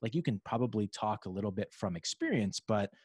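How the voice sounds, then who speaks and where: A man hosting a casual conversation, rambling with restarts and fillers, sometimes acting out other people's thoughts in a higher voice. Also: animated, a little fast, a little mellow, husky, no echo. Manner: acts out other people's inner voices in a raised pitch. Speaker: podcast host.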